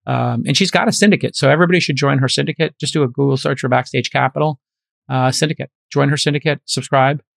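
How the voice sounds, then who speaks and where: A man's voice: medium pitch, fast, vocal fry, fairly bright tone, no room sound, studio quality. A man in his fifties, an investor hosting a podcast, talking in a casual, emphatic and preachy way. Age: 50s. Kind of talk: casual chat.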